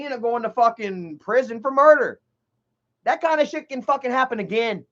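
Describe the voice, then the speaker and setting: A man's voice: very high-pitched, expressive, moderate pace, a bit bright, highs cut off. A man streaming and retelling a story in a heated way, with lots of swearing and repetition. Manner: heated, swears a lot, repeats himself. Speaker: livestreamer. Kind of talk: rambling profane storytelling commentary.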